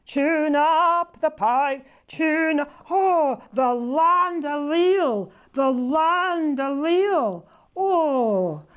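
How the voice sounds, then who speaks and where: A woman voicing her elderly Scottish father, speaking slowly and affectionately. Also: high voice, very animated, dull audio, voice pushed up, exaggerated voice. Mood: tender. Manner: slow, drawn-out and affectionate.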